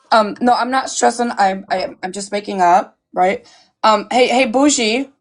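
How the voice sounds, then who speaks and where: A woman's voice: a little high, a bit bright. A woman hosting a livestream, confronting someone with profane, pointed questions. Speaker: livestream host.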